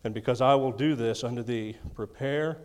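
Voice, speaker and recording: A man's voice: medium pitch, normal speed, a little mellow, big-room sound. A man preaching a sermon, reading scripture and adding folksy, chuckling asides. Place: church.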